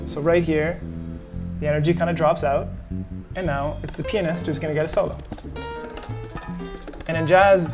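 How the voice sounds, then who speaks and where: A man teaching salsa in a clear explaining voice-over, his voice sitting a little high for a man. He calls out each move as the dancers hit it. Soft band music plays faintly underneath. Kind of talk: instructional voice-over commentary.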